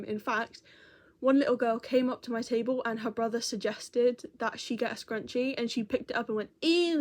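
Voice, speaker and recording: Young woman rambling on, chatty, kinda high voice. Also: a little mellow. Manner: chatty, rambling, self-correcting. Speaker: crochet vlogger. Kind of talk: casual chat.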